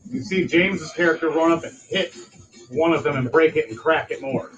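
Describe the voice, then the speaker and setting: A man's voice: a little high, brisk, dull audio. A man acting as game master, describing scenes step by step and calling on players in turn. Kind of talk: narrating a tabletop game. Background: music.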